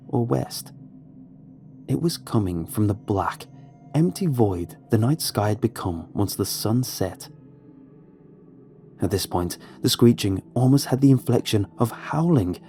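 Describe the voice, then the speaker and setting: Dark-voiced male horror narrator. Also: lowish voice, gravelly. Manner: dramatic, measured storytelling.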